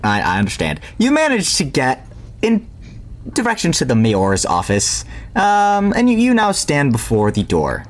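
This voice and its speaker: A man narrating a tabletop game as game master, telling the scene with sudden leaps in pitch. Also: wildly swooping pitch, measured pace.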